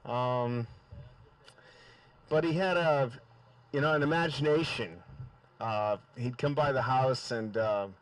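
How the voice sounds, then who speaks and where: A man giving a halting, hesitant remembrance at a memorial gathering. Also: mid-range voice, dry recording. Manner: hesitant, many fillers and restarts. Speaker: memorial speaker. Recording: far from the mic.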